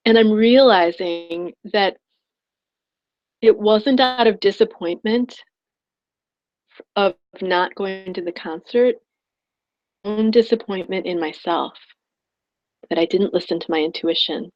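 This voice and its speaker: A woman's voice: mid-range voice, takes it slowly, pauses often, muffled recording. A woman coach telling a personal story in an online class, rambling and heartfelt with many restarts. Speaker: spiritual prosperity coach.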